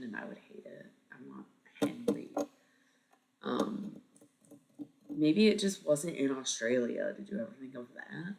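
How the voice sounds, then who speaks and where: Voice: medium pitch, creaky. A streamer around thirty chatting casually with viewers, thinking aloud and swearing freely. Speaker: live streamer.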